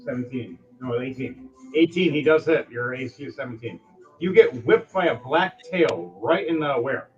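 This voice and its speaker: A man's voice: medium pitch, animated, normal speed, faint music behind. A man narrating as game master of a tabletop game, loose and rambling and laughing between rulings. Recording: dull lo-fi recording.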